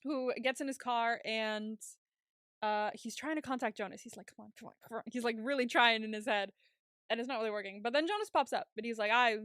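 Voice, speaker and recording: A woman's voice: a little high, a little fast, smooth, no echo, studio quality. A young woman co-hosting a podcast, casually recapping an episode and acting out characters' lines as she goes. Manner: animated retelling with quoted lines. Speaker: podcast co-host.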